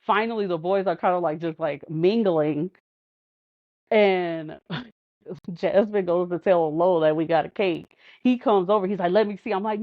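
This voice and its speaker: A woman guest on a podcast, telling lively stories and acting out what others said, laughing often. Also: fairly low pitch, moderate pace, no room sound. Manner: animated, acts out quotes with laughs. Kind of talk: casual storytelling chat. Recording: dull, lo-fi podcast audio.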